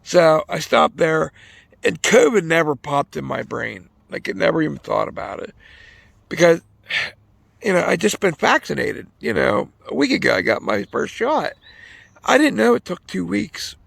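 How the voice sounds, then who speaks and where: A male vlogger fishing by a pond outdoors tells a rambling, profane story, correcting himself as he goes. His voice is fairly high with big pitch swings, a moderate pace, and a creaky, husky, slightly bright quality, captured in a dry recording.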